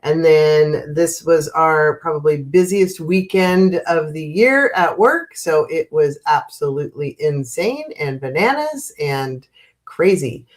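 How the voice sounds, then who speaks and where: Slow-talking congested woman in her fifties. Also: deep voice, lively intonation. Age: 50s. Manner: chatty, laughs often, greets viewers by name. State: stuffy, congested nose. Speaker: livestream host. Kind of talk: casual live-stream chat.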